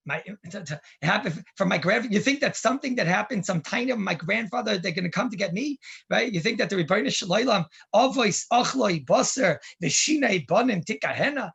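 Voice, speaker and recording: A man voicing a hungry, indignant male lion who complains loudly, in a storytelling sermon. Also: high-pitched, vocal fry, husky, full character voice. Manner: blustering, complaining.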